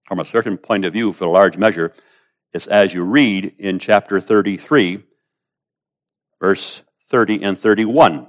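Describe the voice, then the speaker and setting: Male preacher, low voice, declamatory sermon delivery with hushed asides. Casting note: quotes old-style scripture. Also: moderate pace. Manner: declamatory, swinging between raised emphasis and hushed asides.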